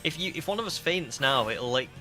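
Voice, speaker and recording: A man's voice: on the high side, animated, a little fast, pushed and bright, faint music behind. A young man with a northern English accent and a slight Scouse twang, chatting casually on a live stream and reading viewer comments aloud. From northern England.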